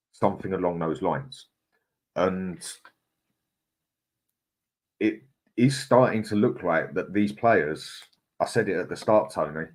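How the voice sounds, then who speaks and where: A man hosting a casual football fan live stream, reading out viewer comments and giving his opinions in a conversational way. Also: low voice. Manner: opinionated, conversational, stumbles over names.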